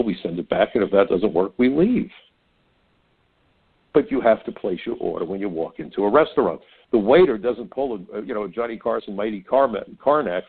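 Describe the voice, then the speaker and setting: Older man with a husky radio voice. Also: lowish voice. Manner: folksy, opinionated storytelling with repeated stammers. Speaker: radio talk show host. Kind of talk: conservative talk radio monologue. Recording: narrow phone-like radio sound.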